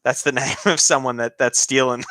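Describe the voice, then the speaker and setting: A man's voice: medium pitch, pushed and bright, a little hiss or hum. A man from Australia with a refined, slightly British-leaning accent, hosting a live stream and giving chatty, joking hockey reaction commentary with frequent laughs.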